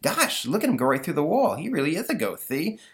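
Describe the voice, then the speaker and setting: A man's voice: a little high, very animated, brisk, a bit bright, voice pushed up. A man doing an eager young cartoon boy. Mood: earnest. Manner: eager, earnest.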